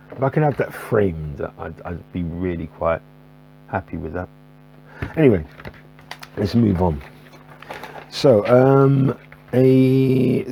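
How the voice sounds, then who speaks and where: A man's voice: on the low side, vocal fry, dark tone, poor audio. A man talking casually about his jazz record collection in a rambling way, full of fillers and restarts. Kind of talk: casual to-camera talk. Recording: faint electrical buzzing hum.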